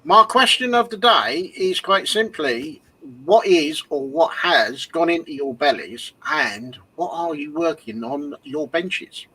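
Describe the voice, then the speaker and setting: Easygoing man with a higher voice. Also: takes it slowly, hardly any pauses, husky, poor audio. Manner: relaxed, short replies. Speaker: livestream co-host. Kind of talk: casual chat.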